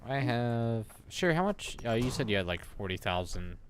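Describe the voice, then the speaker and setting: A man's voice: medium pitch, sing-song, moderate pace, slight background noise. A man, chatting and joking while streaming a game. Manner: joking, laughs often. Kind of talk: casual gaming chat.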